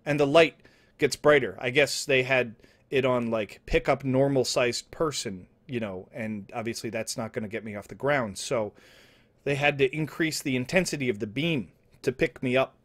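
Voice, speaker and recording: A young man telling an absurd story in deadpan, rambling comedy style, with restarts and asides, sometimes dropping to mumbles and sometimes rising to loud outbursts. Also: medium pitch, normal speed. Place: indoor home setup, streaming.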